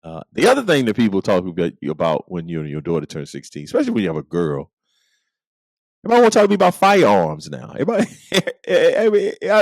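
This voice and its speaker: A man's voice: fairly high pitch, no room sound. A middle-aged man hosting a podcast, joking through a comedic monologue with playful asides and frequent laughter. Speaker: podcast host.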